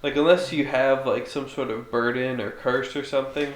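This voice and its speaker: A man's voice: medium pitch, little pitch movement, moderate pace. A man co-hosting a podcast, telling rambling stories full of fillers in casual chat. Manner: rambling, filler-heavy storytelling. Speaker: podcast co-host. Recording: roomy echo, faint noise.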